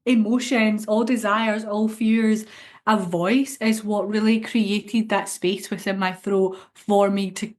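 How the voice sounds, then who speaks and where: A woman's voice: mid-range voice, level tone, takes it slowly. A young woman co-hosting a spiritual podcast, talking earnestly and reflectively in casual chat, often repeating phrases. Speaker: podcast co-host.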